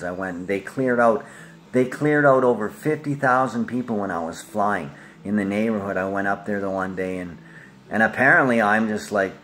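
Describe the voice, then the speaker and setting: A man's voice: on the low side, fairly bright tone. A man with an Australian accent talking in a loose, rambling monologue that jumps from topic to topic and is addressed to his family.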